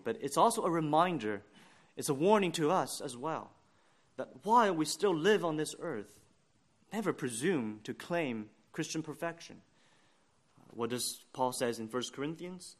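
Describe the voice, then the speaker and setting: A man preaching a sermon, earnest and deliberate, building to emphatic points. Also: a little high.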